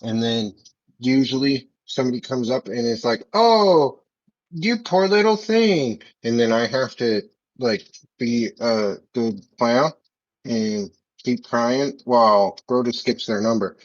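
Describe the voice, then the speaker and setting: A man's voice: medium pitch, steady tone, a little slow, dry recording. A man playing a naive, rambling character in a tabletop game. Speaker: player. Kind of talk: tabletop role-play, in character. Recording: dull lo-fi mic.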